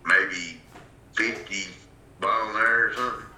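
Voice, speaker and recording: Brief: low-voiced man, sharp bright tone, halting cussing drawl. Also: steady tone, echoey room, a little hiss or hum. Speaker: podcast co-host. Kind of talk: casual storytelling chat.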